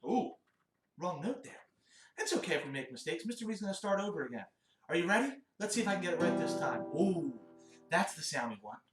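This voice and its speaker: Male children's music teacher, upbeat and encouraging, animated delivery, recorded off-mic in a reverberant room. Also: fairly high pitch, quick pace, recorded from a distance. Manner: upbeat, encouraging, speaks to kids. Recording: roomy, off-mic, guitar behind.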